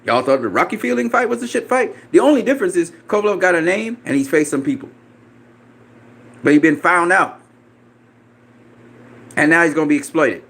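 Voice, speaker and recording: A man's voice: fairly high pitch, animated, brisk, creaky, long pauses, fairly bright tone. A man ranting about boxing in a reaction video, profane, combative and dismissive, repeating himself and laughing mockingly. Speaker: boxing commentator.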